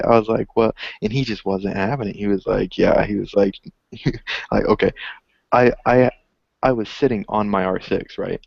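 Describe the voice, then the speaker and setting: A man telling a story in casual chat, profane and animated, acting out the other people's lines. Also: lowish voice, vocal fry, no room sound. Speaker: podcast co-host. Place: indoors, garage. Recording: dull, lo-fi dry recording.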